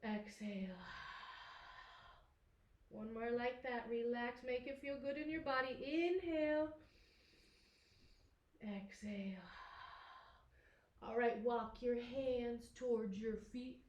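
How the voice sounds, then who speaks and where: A woman leading a gentle, playful yoga lesson for children, coaxing and making animal sounds. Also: a little high, slow, long pauses, reverberant, lo-fi sound. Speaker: kids yoga instructor.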